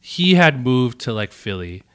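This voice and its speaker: A man in his thirties, a music producer, telling stories in a laid-back podcast chat, often trailing off softly. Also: very animated, unhurried, smooth. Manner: laid-back, trailing off into a soft low voice, frequent "like". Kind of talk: casual storytelling in a podcast conversation.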